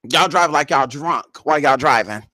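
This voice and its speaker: Animated, exclamatory woman telling a story. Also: low-pitched, moderate pace, dry recording. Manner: animated, exclamatory, swears freely, acts out her own reactions. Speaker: spiritual vlogger. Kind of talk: casual storytelling to viewers.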